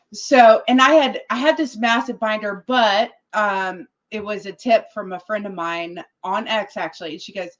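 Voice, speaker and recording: A woman guest telling a story in a casual interview, animated and quoting others as she goes. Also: medium pitch, normal speed, few pauses, muffled recording. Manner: animated, quotes other people in their voices. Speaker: political guest.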